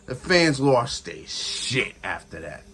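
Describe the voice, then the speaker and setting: Guy hyped up recapping wrestling, repeats stuff, laughs a lot, mid-pitch voice. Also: slow pace, gravelly, heavy background noise. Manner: excitable, retells with shouted quotes and sound effects; repeats phrases for emphasis, laughs often. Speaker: wrestling reviewer. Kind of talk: casual recap commentary.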